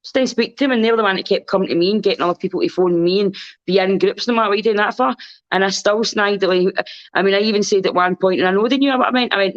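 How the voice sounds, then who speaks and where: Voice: mid-range voice, fast talker. Rambling Scottish guest, dull lo-fi sound. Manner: rambling, earnest, swears freely, repeats "you know what I mean". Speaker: podcast guest. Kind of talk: casual chat.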